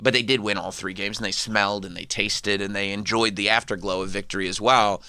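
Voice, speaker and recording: Bright-voiced man hosting radio talk. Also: fairly even intonation, a little fast, dry recording, studio quality. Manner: rambling, jokey, breaks into high-pitched mocking impressions. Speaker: radio show host. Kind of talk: casual sports talk chat.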